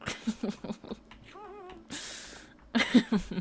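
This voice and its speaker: A woman's voice: very high-pitched, very animated, drawn-out words, noisy background. A woman in her mid-twenties chatting casually and teasing her viewers during a late-night gaming livestream. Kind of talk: casual chat while gaming.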